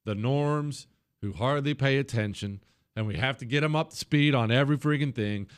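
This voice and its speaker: A man's voice: mid-range voice, smooth, no room sound. Sarcastic radio host guy, punchy and mocking, dry studio mic. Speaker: radio talk show host. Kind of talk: opinionated talk radio monologue.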